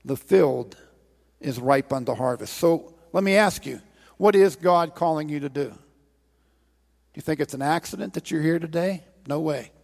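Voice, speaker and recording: Earnest preacher in an echoing hall. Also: male voice, on the high side, normal speed, creaky. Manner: earnest, pleading, retells scripture with quoted voices. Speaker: pastor. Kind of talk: sermon. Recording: long reverb of a large hall.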